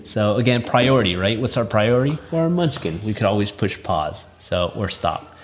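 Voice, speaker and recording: A man's voice: on the low side, moderate pace. A man co-hosting a late-night couples podcast, talking casually with fillers, sounding tired. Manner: relaxed, fillers, repeats catchphrase. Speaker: podcast co-host. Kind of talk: casual chat.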